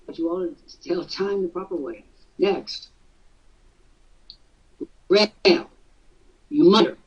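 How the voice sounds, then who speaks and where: Man, host, teasing coaching chat, husky, muffled far-off audio. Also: high-pitched, slow pace. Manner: jokey, teasing, breaks into mock voices. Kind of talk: casual coaching talk.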